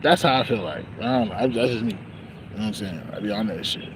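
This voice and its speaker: A man's voice: on the low side, quick pace, noisy background. A young man talking in a casual, rambling monologue, slangy and profane, laughing often. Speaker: vlogger.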